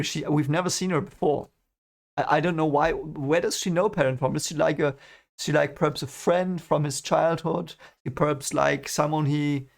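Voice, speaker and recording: A young man reading a novel aloud and thinking out loud about it in casual commentary, rambling and restarting his sentences. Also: a little high, vocal fry. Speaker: book reaction reader. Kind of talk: casual read-along commentary.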